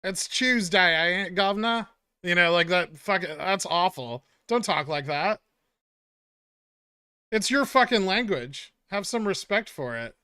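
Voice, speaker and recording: A man's voice: sits high, expressive, a little slow, bright, forceful tone, smooth, no echo, clean studio sound. A man hosting a casual live stream, reading out viewer comments and teasing them sarcastically while swearing freely. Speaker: stock market streamer.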